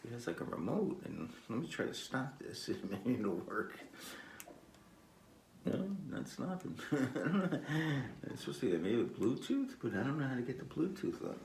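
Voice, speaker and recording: An older man hosting his own podcast, talking in a meandering, halting way with frequent fillers and chuckles, recorded on a phone on a tripod. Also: mid-range voice, vocal fry, a little mellow, a little hiss or hum. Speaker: podcast host. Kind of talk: rambling casual monologue. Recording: echoey room with faint ambience.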